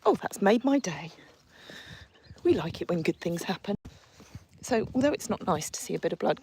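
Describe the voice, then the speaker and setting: A woman's voice: mid-range voice, lively intonation, moderate pace, pauses often, darkish tone, breathy edge. A woman hosting a casual live stream from horseback outdoors, reading viewer comments and cooing and scolding her horses in between.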